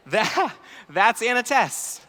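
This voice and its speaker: A man in his thirties giving an animated, story-filled talk at a youth conference, acting out dialogue. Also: high-pitched, slight background noise. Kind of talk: sermon-style talk with stories. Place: large conference hall. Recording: large hall reverb.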